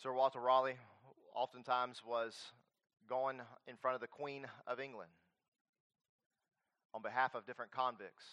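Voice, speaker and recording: Male preacher, sermon, middle pitch, loud emphatic lines alternating with quiet earnest appeals. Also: little pitch movement, normal speed, pauses often, smooth, highs cut off.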